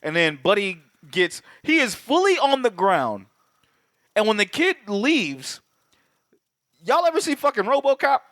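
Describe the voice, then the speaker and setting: Animated high-voiced man, swearing. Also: measured pace, no echo, studio quality. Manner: animated, profane, acts out lines in a higher voice. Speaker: podcast co-host. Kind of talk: casual chat recapping a movie.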